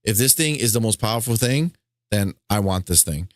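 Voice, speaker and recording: A man co-hosting a casual gaming news podcast, reading news items with fillers and getting excited. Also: lowish voice, a little fast, no echo, studio quality. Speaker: podcast co-host.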